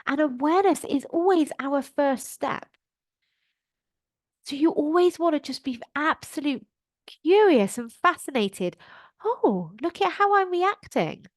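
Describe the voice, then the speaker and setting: A woman, a life coach, hosting her podcast in an animated motivational style and acting out her own inner voice. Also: sits high, a little slow, no echo, studio quality.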